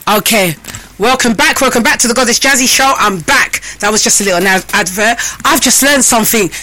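A woman's voice: fairly high pitch, brisk, sharp tone, faint music behind. A woman hosting a live radio show, chatting in a bossy, teasing way full of slang. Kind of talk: casual live radio chat.

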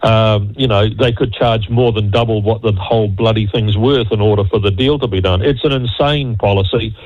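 A man's voice: lowish voice, steady tone, normal speed, a little mellow, dry recording. An older man speaking bluntly and emphatically as a panelist in a political radio discussion. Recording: dull dry radio studio sound.

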